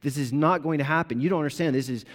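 A man's voice: on the high side, quick pace, lightly acted. A man voicing a startled, doubting old priest who stammers in disbelief, in a reverberant hall. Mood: disbelieving. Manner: flustered, stammering. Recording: long reverb of a large hall.

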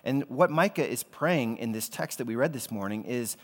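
A pastor delivers a sermon in an easygoing, conversational tone, mixing slang asides into his teaching. His voice sits at a middling pitch. It rings out with a long reverb, like a large church sanctuary. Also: animated, normal speed, hardly any pauses.

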